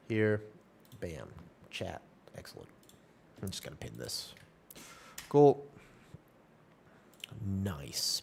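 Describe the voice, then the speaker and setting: Low-voiced man chatting on a stream. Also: big pitch swings, a little slow, pauses often, a little mellow. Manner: rambling, upbeat, reassuring to chat. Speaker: live streamer. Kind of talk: casual live-stream chat.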